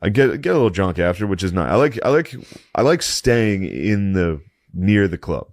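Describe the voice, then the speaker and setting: A man's voice: deep voice, sing-song, moderate pace, dry recording. A man co-hosting a podcast, telling a rambling, crude story with mock outrage and frequent swearing. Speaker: podcast co-host. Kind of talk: casual profane storytelling.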